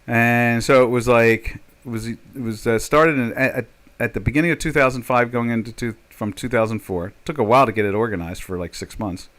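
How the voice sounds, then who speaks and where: A man's voice: mid-range voice, fairly quick, fairly bright tone. Rambling older man, casual trader talk. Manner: rambling, jokey, full of fillers and restarts. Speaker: trader hosting a live chat. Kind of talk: casual live-stream talk.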